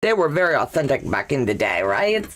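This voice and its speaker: A woman's voice: very deep voice, sing-song, a little fast, slight background noise. A woman hosting a casual sewing livestream, chatting and reading viewer comments aloud.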